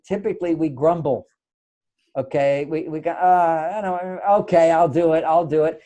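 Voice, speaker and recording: Older male guest, high-pitched and animated, storytelling with acted quotes. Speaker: guest author. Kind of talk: talk show interview.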